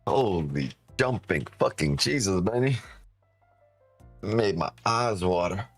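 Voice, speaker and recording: A man's voice: sits low, animated, slow, breathy edge, no echo, soft background music. A man, a trading streamer, chatting casually on a live stream, swearing a lot, joking and laughing often.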